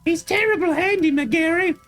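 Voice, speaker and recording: A man voicing a proud, meddling middle-aged male builder with a high, breathless delivery. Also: normal speed, a bit bright, faint music behind. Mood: boastful.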